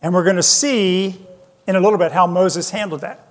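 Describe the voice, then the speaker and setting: A man preaching a sermon, slow and emphatic, asking his listeners rhetorical questions. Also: high-pitched, big-room sound. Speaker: pastor.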